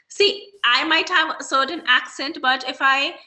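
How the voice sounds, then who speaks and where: Female online English tutor, high and bright, encouraging and corrective. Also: measured pace. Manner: encouraging, corrective, gives instructions.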